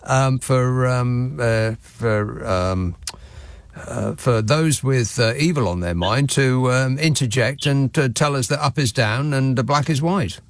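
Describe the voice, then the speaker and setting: Wry radio host. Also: male voice, medium pitch, takes it slowly, dry recording. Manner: wry, sardonic. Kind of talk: talk radio phone-in. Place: radio studio.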